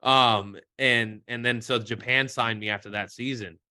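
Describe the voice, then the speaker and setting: A man in his thirties, a former pitcher, chatting casually as a podcast guest and acting out the dialogue in his stories. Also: measured pace, smooth, no echo, studio quality. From Mexico. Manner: animated storyteller, acts out quoted dialogue. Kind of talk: casual chat.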